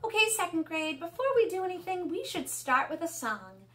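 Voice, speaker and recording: A middle-aged woman teaching an online music lesson to young children, encouraging and clear. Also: very high-pitched, very animated. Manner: bright, encouraging, speaks slowly and clearly to kids.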